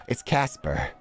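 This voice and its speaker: A man voicing a nerdy young male grim reaper who tries to act suave and self-assured. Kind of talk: reading game dialogue aloud.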